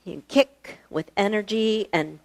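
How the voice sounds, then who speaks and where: A woman's voice: mid-range voice, slow. A woman teaching a live online yoga class, chatty and encouraging, laughing often and a little out of breath. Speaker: yoga instructor. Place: fitness studio.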